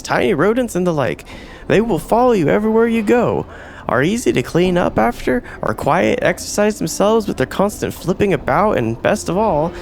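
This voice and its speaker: A man's voice: high voice, gravelly, pitched above the performer's own voice, full character voice. A man voicing a sly, fawning male pet merchant in a game who talks in an old-fashioned way.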